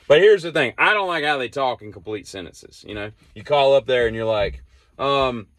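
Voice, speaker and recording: A man's voice: mid-range voice, big pitch swings, fairly quick, fairly bright tone, dry recording. A man telling a casual vlog story in a rambling, exasperated and sarcastic way. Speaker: vlogger.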